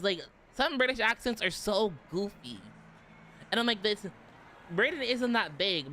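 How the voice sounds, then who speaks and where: Bright-voiced, rambling young man streamer. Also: high voice, a little hiss or hum. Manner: rambling, giggly, heavy use of "like". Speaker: vtuber streamer. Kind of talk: casual chat stream.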